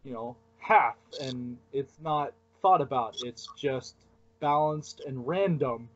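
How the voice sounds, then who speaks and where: A man hosting a podcast, chatting casually and telling stories with lively, laughing energy. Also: mid-range voice, slow. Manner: animated, laughing storyteller. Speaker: podcast host. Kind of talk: casual chat. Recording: dull lo-fi audio.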